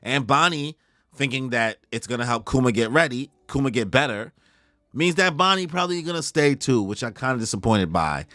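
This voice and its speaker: A man hosting a live manga reaction who talks in a casual, slangy, excitable way. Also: medium pitch, fairly quick, dry recording, studio quality. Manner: slangy, excitable, goes off on tangents.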